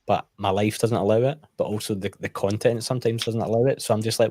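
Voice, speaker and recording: A man's voice: fairly low pitch, fairly even intonation, fast talker, hardly any pauses, darkish tone, no echo, studio quality. A man chatting as a guest in a casual roundtable, candid and self-deprecating in his stories. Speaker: guest co-host.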